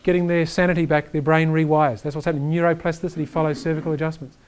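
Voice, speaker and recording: A man giving an energetic chiropractic lecture, emphatic and animated, often checking in with "right?". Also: a little high, fast talker, clear, resonant tone. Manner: reads quotes aloud to the audience.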